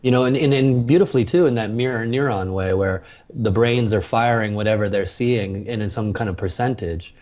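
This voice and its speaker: A man's voice: fairly low pitch, brisk, hardly any pauses, darkish tone. A man speaking as an interview guest, talking earnestly and emphatically in a casual spiritual conversation, often repeating words as he searches for them.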